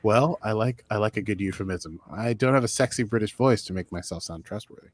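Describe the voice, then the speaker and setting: A man's voice: brisk, no room sound. Chatty man recapping an episode, dry sound. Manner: chatty, jokey, with sudden pitch jumps. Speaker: podcast co-host.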